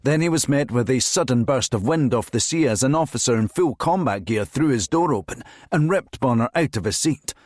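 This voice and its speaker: A man narrating a crime thriller audiobook in a measured, steady reading voice. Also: mid-range voice, no echo, clean studio sound. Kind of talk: scripted narration.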